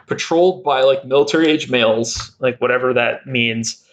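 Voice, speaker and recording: A young adult man appears as a guest on a podcast, chatting casually, rambling, laughing a lot, and using plenty of filler words. His voice is medium-pitched and moderately paced.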